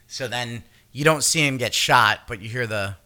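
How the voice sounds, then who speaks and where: A man with a very bright, forward voice chats casually about a series he watched. He retells scenes with animated energy and acts out his own reactions, swearing freely as he goes. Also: medium pitch, normal speed. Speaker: podcast co-host. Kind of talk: casual chat recapping a series.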